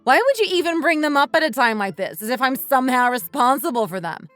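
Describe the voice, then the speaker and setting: A woman's voice: sits high, lively intonation, fast talker, a bit bright, no echo, faint music behind. A woman voicing a resentful wife fed up with her husband, speaking in a bitter, accusing way. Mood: cold. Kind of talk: scripted dialogue drama.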